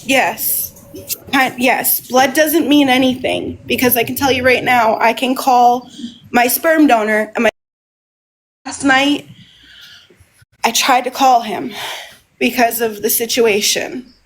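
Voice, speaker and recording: Woman live-streamer, slightly high voice, rambling and emotional, repeating herself. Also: fairly even intonation, slow, pauses often, a little hiss or hum, rough recording. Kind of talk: casual live stream monologue.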